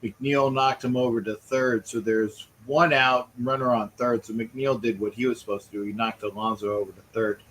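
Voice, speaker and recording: A man's voice: mid-range voice, fairly even intonation, normal speed, few pauses, a bit bright, poor audio. A man hosting a casual live stream, chatting loosely with viewers and calling a baseball game as he watches. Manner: rambling, chatty, greets viewers by name. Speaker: livestream host. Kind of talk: casual live chat with play-by-play.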